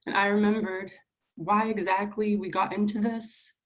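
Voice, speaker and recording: Young woman senator saying sorry in front of everyone, halting, almost crying. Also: mid-range voice, little pitch movement. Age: young adult. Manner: earnest, emotional, halting. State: near tears. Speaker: student senator. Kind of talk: public apology at a meeting.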